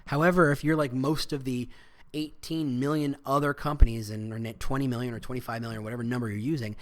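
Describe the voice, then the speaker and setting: A man's voice: mid-range voice, fairly even intonation, quick pace. A man hosting a solo podcast, talking casually with frequent restarts and asides. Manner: rambling, self-interrupting, frequent restarts. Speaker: podcast host.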